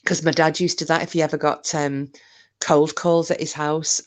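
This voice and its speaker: A woman's voice: deep voice, flat delivery, moderate pace. A British woman from the UK, chatting casually with viewers on her livestream, swearing and mocking scammers. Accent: British English. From United Kingdom. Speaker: livestream host. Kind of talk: casual live chat with viewers.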